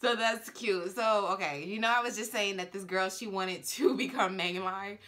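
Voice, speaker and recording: A woman's voice: medium pitch, normal speed, bright, forceful tone. A woman who works as a flight attendant, chatting casually in a reaction video with many fillers and laughs.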